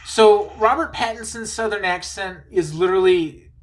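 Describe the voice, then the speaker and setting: Rambling, excitable podcast host man. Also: sits high, normal speed. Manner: rambling, enthusiastic, laughs easily. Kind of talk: casual chat.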